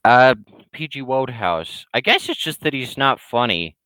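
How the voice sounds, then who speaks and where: Blunt, forceful man ranting. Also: mid-range voice, big pitch swings, normal speed, clean tone, no room sound, poor audio. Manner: rambling, blunt, full of restarts and fillers. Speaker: vlogger. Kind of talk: casual opinionated rant.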